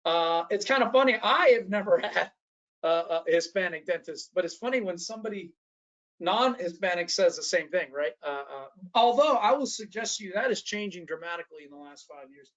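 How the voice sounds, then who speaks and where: A man's voice: high-pitched, expressive, brisk, a bit bright, highs cut off. A man presenting an online training workshop, talking conversationally and often checking in with his listeners.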